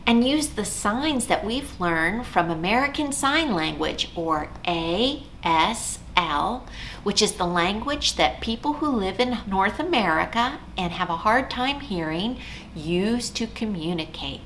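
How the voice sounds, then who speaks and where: A woman leading a children's storytime as a librarian, singing songs and chanting rhymes in a slow, sing-song way. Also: medium pitch, animated, fairly bright tone, slight background noise. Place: library program recorded at home.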